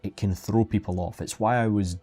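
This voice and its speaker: A man's voice: on the low side, steady tone, fairly quick, dark tone, breathy edge. A man chatting casually and jokingly while teaching digital sculpting on a live stream, often restarting his sentences. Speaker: 3D sculpting instructor. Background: faint background music.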